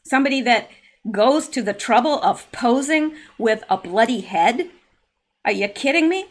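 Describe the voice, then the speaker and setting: A woman hosting a solo political commentary show, reading news aloud with sarcastic asides, fillers and occasional throat clearing. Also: on the high side, lively intonation, a little slow, a bit bright. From Canada.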